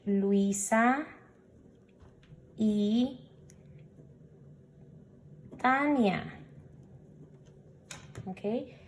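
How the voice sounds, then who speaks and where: A woman's voice: medium pitch, drawn-out words, long pauses, slight background noise. A woman teaching a recorded Spanish grammar lesson, patiently explaining and sounding out example words.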